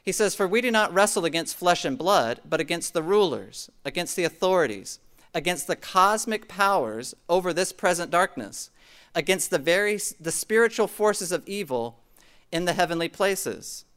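Middle-aged man, pastor, conversational sermon, fairly high voice, smooth and resonant. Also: animated, normal speed, a bit bright. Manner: conversational, frequent "okay?" check-ins, asides to the congregation. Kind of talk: sermon teaching from scripture.

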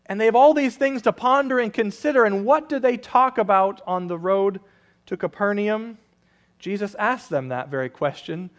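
A male pastor delivers a sermon, reading a children's story in a rhythmic, storytelling way. His voice sits high for a man. He then shifts into friendly, conversational preaching. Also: normal speed.

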